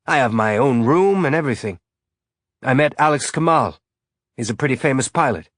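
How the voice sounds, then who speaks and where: A man's voice: mid-range voice, lively intonation, moderate pace, a bit bright, no room sound, clean studio sound, voice pushed up, close to an everyday voice. A man voicing a grieving father who holds back tears, forcing a light, cheerful tone through a thick throat. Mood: choked, tender. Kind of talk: audiobook character voice.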